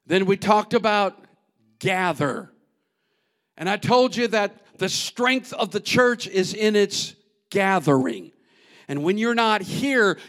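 High-pitched, slow-preaching male pastor. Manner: preaching with swings from soft asides to loud shouted bursts. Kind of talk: sermon. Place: church.

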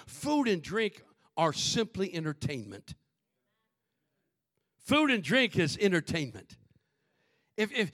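A man preaching a fervent sermon to his congregation, swinging from booming shouts to soft asides and calling out to the crowd. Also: no room sound, studio quality. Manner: calls out to the congregation.

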